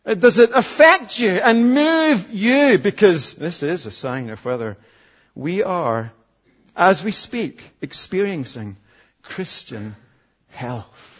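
A man in his forties preaching a sermon as pastor, earnest, dropping from loud emphasis to hushed asides. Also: high voice, very animated, takes it slowly, breathy edge, lo-fi sound. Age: 40s.

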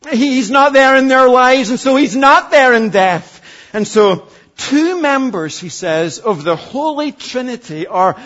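A man in his forties preaching a sermon as pastor, earnest, dropping from loud emphasis to hushed asides. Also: very high-pitched, lively intonation, a little slow, highs cut off. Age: 40s.

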